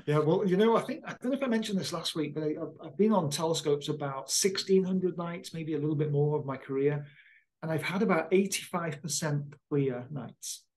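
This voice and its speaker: An enthusiastic middle-aged man talks casually about astronomy in a fairly high voice. He explains things eagerly and sounds genuinely amazed. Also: brisk, darkish tone, low-quality recording. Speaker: astronomer and former program manager. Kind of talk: casual conversation.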